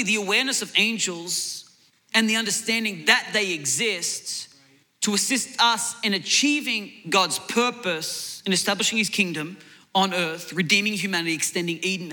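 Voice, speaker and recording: A male preacher with a fairly high, very bright and forceful voice. He preaches emphatically, restarting and repeating words as he drives each point home, with jokey asides along the way. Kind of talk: sermon.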